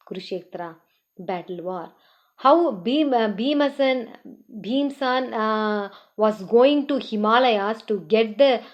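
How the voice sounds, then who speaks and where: A woman's voice: on the high side, lo-fi sound. A woman teaching a scripture class, retelling epic stories and speaking the characters' lines herself, with frequent restarts and fillers.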